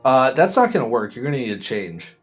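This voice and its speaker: A man's voice: medium pitch, big pitch swings, a little fast, faint music behind. A man narrating a tabletop role-play as game master, describing scenes with restarts and self-deprecating asides.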